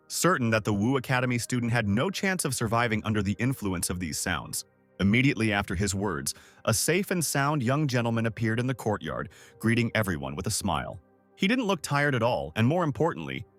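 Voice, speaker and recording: A man's voice: mid-range voice, fairly bright tone. A man narrating a story recap in a scripted, dramatic way. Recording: faint background music.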